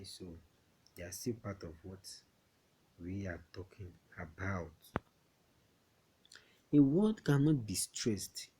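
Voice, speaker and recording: A man from Nigeria teaching a classroom English lesson, slow and repetitive, often checking that students understand. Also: on the low side, mellow, breathy edge.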